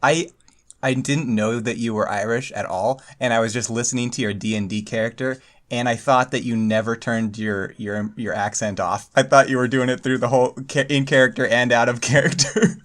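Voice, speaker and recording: A man's voice: medium pitch, fairly even intonation, brisk, a bit bright. A man co-hosting a podcast, casual and laughing often at crude jokes. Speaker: podcast co-host. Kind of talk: casual chat.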